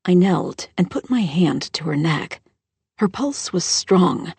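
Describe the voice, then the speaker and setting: A woman narrating a first-person mystery audiobook in a steady storytelling voice on a close microphone. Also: lowish voice, slow, creaky, husky, no echo.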